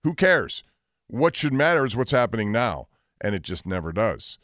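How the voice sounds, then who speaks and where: A man's voice: mid-range voice, big pitch swings, moderate pace, a bit bright, no echo, studio quality. A man hosting a call-in sports radio show, blunt and opinionated, pushing back on callers. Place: radio studio.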